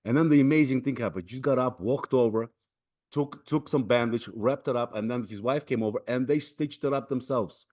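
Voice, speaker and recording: A man's voice: medium pitch, a little fast. Man host telling a story. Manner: lively storytelling. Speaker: podcast host. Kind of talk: casual podcast conversation.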